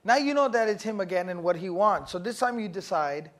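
A man's voice: high voice, animated, a little fast, a bit bright. A man giving an Islamic lesson to a group, speaking casually, asking questions and acting out stories. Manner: casual, asks the audience questions, acts out stories. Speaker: religious teacher. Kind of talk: Islamic lecture to a class.

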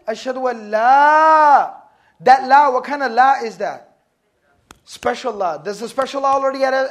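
A man teaching a class on Arabic terms, asking students questions and explaining each word step by step. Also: very high voice. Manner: quizzes the class and answers himself. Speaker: Islamic studies teacher. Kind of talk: classroom lecture.

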